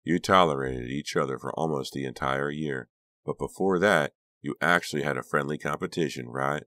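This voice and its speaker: A man voicing a level-headed teenage boy who reasons calmly and shouts when a fight breaks out. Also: rumbling low, normal speed, no room sound. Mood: reasoning. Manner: reasoning, then yelling.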